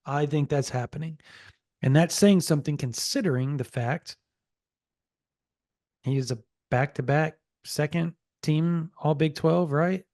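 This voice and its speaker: Animated, mellow-voiced podcast co-host man. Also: fairly high pitch, a little slow, no room sound, studio quality. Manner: animated storyteller who relays a source's quotes. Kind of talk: casual sports podcast chat.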